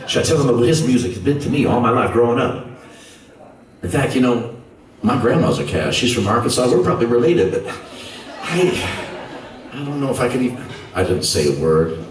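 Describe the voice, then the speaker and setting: A rock singer telling a story to his audience between songs, with dramatic pauses and teasing asides to the crowd. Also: lowish voice. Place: concert club stage. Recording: echoey club from far, loud crowd.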